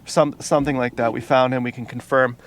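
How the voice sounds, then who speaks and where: A man telling a personal story in a casual vlog, rambling and halting, with many fillers and restarts. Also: mid-range voice, fairly even intonation. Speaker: vlogger. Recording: noisy outdoor street recording. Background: car and street noise.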